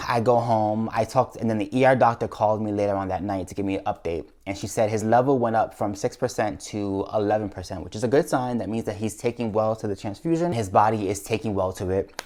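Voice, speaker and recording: A young man vlogging, telling a stressful story in a casual, animated way and acting out what others said. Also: lowish voice, fast talker, few pauses. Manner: anxious, animated retelling with quoted dialogue.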